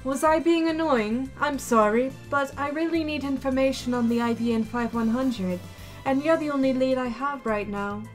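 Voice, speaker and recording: A woman voicing a shy young woman who speaks in a soft, apologetic way. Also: high voice, moderate pace, soft background music, voice pushed up, lightly acted. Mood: pleading.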